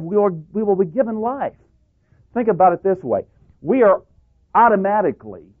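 A man preaching a sermon and teaching from the Bible, stressing single words and asking his listeners questions. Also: a little high. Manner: emphatic, lively, stresses single words, asks the audience questions. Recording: tinny phone-like radio broadcast.

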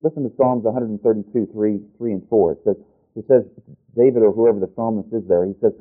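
A man preaching a sermon, reading scripture aloud and stopping often to restart and correct himself. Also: mid-range voice. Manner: deliberate, with restarts and self-corrections. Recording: tinny phone-like sound.

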